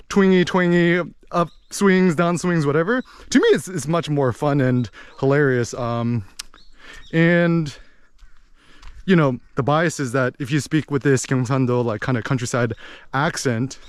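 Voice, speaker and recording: Animated man, smooth voice. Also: medium pitch, dry recording. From United States. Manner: animated, rambling, with many fillers. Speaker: podcast host. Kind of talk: casual monologue.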